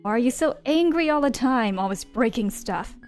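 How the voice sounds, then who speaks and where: A woman's voice: on the high side, expressive, normal speed, darkish tone, soft background music, lightly acted. A woman reading a visual novel aloud, voicing a strict, disapproving mother who scolds and nags in an old-fashioned way. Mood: scolding.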